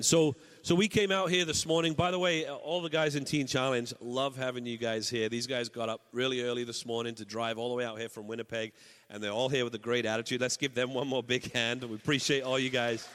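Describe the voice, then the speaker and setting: A man in his forties preaching a sermon as pastor. He reads scripture with lively, heightened dialogue and jokes with the congregation about his family. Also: fairly quick. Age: 40s. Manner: animated, raising pitch when reading Bible dialogue; joking, self-deprecating asides to the congregation. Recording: reverberant hall.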